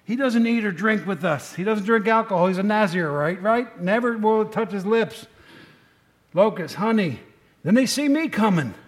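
A man's voice: sits high, expressive, moderate pace. A man pastor preaching a conversational sermon, telling stories, acting out quoted voices and rising to urgent exhortation.

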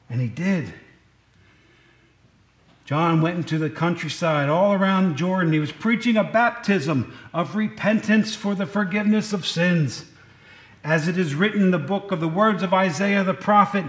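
Inside a church, a man preaches a conversational sermon in a folksy, digressive style, often correcting himself mid-sentence. His voice sits high, his pace is moderate, and the sound is reverberant.

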